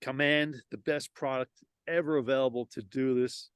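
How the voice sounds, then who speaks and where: A man chats casually about his lawn business, rambling a little and restarting his sentences. His voice sits at an ordinary middle pitch. The sound is dry and close, with little room around it. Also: fairly even intonation, normal speed, clear, resonant tone, no room sound. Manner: loose, rambling, frequent restarts. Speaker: lawn renovation business owner. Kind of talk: casual interview. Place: outdoors at home property.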